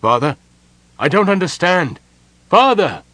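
Man doing worn-out young guy, faltering dry throat, low husky voice. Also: expressive, measured pace, dry recording. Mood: crying out. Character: exhausted young man haunted by dreams.

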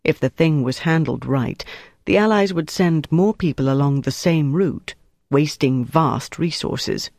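An audiobook narrator reading a wartime thriller with an even, steady delivery. The voice is mid-pitched and the recording is dry with no room sound. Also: a little slow, creaky, no room sound. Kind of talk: scripted narration.

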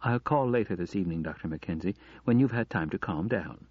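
A man voicing a calm male kidnapper who speaks quietly and with measured menace, in a dull lo-fi audiobook recording. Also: deep voice, breathy edge, no room sound. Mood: menacing.

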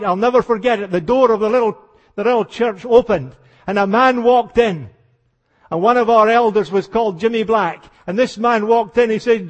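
With a high, ringing voice, an older preacher delivers a revival sermon in a large hall thick with long reverb. He tells stories with passion, dropping almost to a hush before climbing into fervent cries.

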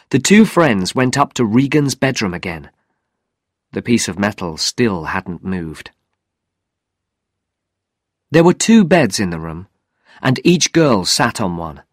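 Slow, clear male storybook narrator. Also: on the low side, big pitch swings, no room sound, clean studio sound. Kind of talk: scripted narration of a graded reader.

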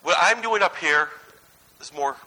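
A man in his thirties preaches in a relaxed, story-driven way, shifting between animated asides and quiet emphasis. His voice sits high for a man and rings very bright and forward. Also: measured pace, rough recording. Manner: conversational, anecdotal, swings between lively and hushed. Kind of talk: sermon.

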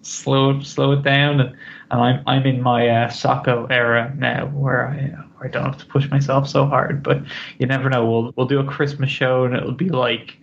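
A man hosting a podcast in casual chat, halting and wry, with many restarts. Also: medium pitch, flat delivery, gravelly. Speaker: podcast host. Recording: dull, lo-fi podcast mic with faint noise.

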